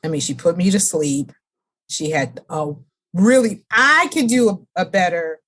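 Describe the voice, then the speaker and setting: A woman's voice: fairly low pitch, animated, fairly bright tone. A woman co-hosting a casual book-chat podcast, chatty and emphatic in her opinions. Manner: emphatic, drawn-out complaints, chatty. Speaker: podcast co-host.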